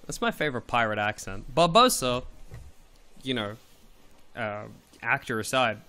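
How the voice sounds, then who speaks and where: A man livestreams a game, chatting in a casual, playful way with his viewers, swearing occasionally and swooping up in pitch when he gets excited. He talks at a moderate pace and sounds smooth.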